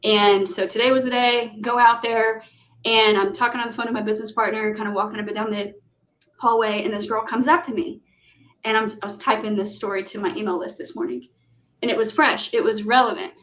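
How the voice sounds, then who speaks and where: Animated, high-voiced woman coaching casually. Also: brisk, a little hiss or hum, poor audio. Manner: animated storyteller, acts out quotes. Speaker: business coach and host. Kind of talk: casual conversational interview.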